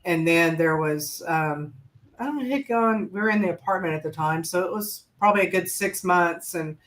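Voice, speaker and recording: A woman's voice: on the low side, normal speed, a bit bright. A woman co-hosting a casual chat, telling rambling stories with many hesitations. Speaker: podcast co-host.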